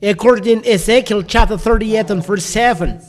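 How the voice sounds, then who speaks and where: A man preaching a sermon, emphatic and halting, often repeating and correcting himself as he cites scripture verses. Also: high voice.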